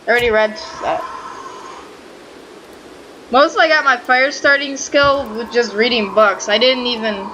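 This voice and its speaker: A woman casually commenting on her own gameplay, excitable and swearing freely as she talks back at the game. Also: fairly high pitch, a little slow, long pauses, slight background noise, low-quality recording. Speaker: gaming channel host. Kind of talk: casual let's-play commentary.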